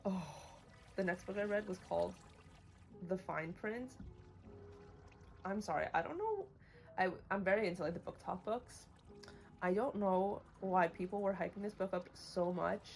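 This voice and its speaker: A woman's voice: mid-range voice, moderate pace, creaky, long pauses, a little mellow. A woman livestreaming, chatting casually about books she has read, bluntly opinionated and full of "like". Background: music playing.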